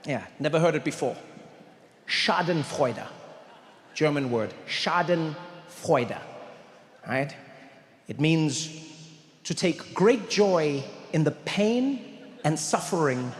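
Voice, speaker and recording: A man telling a story in stand-up, animated and acting out every character on a live comedy stage. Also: a little high, a little slow. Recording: echoey hall, live venue.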